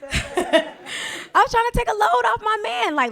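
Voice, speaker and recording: A woman's voice: extremely high pitch, very animated, unhurried, creaky, pushed and bright, no room sound. A woman performing a stand-up comedy set on a club stage, talking in a sassy, confiding way to the crowd.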